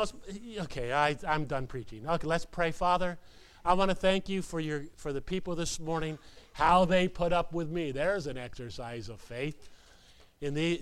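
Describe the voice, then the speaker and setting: A pastor delivering a playful, animated sermon, full of laughter and put-on voices. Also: male voice, a little high, clear, resonant tone.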